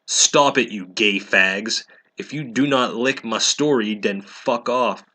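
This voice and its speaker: A man's voice: mid-range voice, slow pace, sharp tone. A man voicing a petulant teenage girl who writes fan fiction, speaking in a snippy way.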